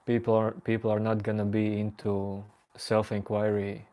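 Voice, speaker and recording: A man's voice: on the low side, completely flat delivery, normal speed, dark tone. A man hosting a late-night livestream, casually teasing and joking with his chat viewers. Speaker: livestream host.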